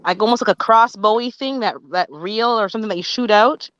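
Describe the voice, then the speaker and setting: A woman's voice: medium pitch, fairly quick, a bit bright, muffled recording. A woman in a casual group chat, curious and asking questions.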